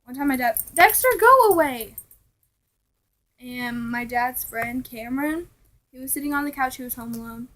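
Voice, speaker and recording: A young woman casually telling ghost stories to her vlog viewers, chatty and animated, now and then dropping to a hushed aside. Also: fairly high pitch, fairly quick, rough recording. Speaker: vlogger.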